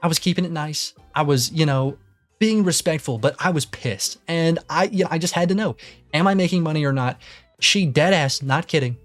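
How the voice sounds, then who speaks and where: Soft background music plays beneath this young man's slightly high voice, which runs at a normal speed. He's a YouTuber delivering ranting commentary, cursing freely and circling back over the same points as his frustration builds.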